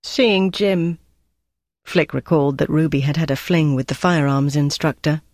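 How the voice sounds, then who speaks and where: Audiobook narrator reading a war thriller, steady and even, dry booth sound. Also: medium pitch, a little fast, no echo. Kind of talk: scripted narration.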